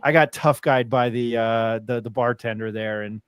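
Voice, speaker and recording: This is a man from New Mexico hosting a podcast and chatting casually. His voice sits at a middle pitch, and the sound is dry and close. He rambles through stories full of fillers and restarts. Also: steady tone, normal speed, clear, resonant tone, no echo. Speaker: podcast host. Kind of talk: casual chat.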